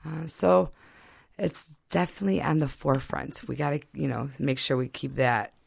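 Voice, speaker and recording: A woman's voice: sits low, normal speed, vocal fry, breathy edge. A woman from Michigan, a guest chatting in a radio studio, talking casually with lots of fillers. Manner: chatty, many fillers and laughs.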